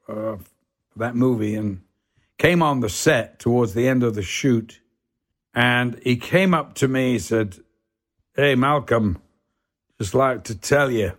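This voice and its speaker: A man's voice: medium pitch, gravelly. Older guy telling stories on a podcast, laughs a lot, acts out voices. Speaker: guest. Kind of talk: anecdotal storytelling.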